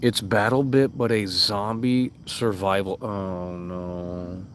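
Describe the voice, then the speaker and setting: A young man with a fairly low voice talks casually to his stream chat. He is blunt and exasperated, swears a lot and mocks comments with sarcastic put-on voices. A faint hum of background noise sits under his voice. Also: level tone, slow pace, a bit bright.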